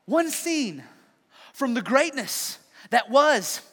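A man preaching a sermon, telling a story with animated, playful voices. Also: extremely high pitch, slow pace, husky. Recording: long hall reverb.

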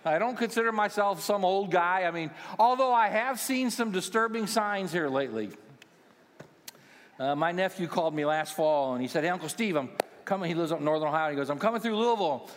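Joking sixty-something pastor in a reverberant church. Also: male voice, high-pitched, a little fast, a little hiss or hum. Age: 60s. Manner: humorous, self-deprecating storytelling to a congregation. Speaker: pastoral care minister. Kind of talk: sermon. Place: large church auditorium. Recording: long church hall reverb.

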